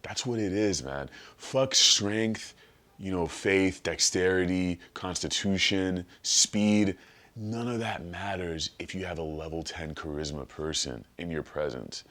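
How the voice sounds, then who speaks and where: A man with a very low voice chats as a podcast guest. He tells a rambling story full of swearing and animated asides. His delivery is loose and conversational. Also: a little slow. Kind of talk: casual chat.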